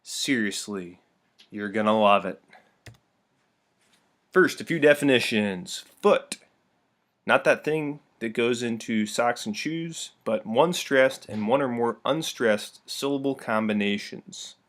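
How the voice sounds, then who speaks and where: A man's voice: medium pitch, a little slow, a bit bright. Playful young male teacher, joking. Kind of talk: recorded classroom lesson.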